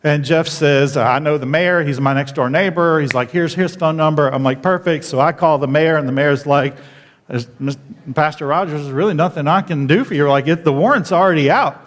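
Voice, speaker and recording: A pastor tells a story from the pulpit in a high tenor, his voice leaping up whenever he relives how indignant he was. The long reverb of a church auditorium hangs on every line. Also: fairly quick. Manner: animated, jumps high when retelling his outrage. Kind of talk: sermon storytelling.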